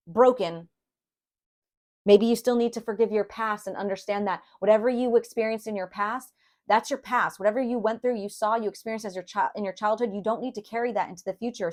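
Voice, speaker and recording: Chatty young woman reading tarot. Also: medium pitch. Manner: chatty, addresses viewers as "you guys", many fillers. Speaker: tarot reader. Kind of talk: casual tarot reading to camera.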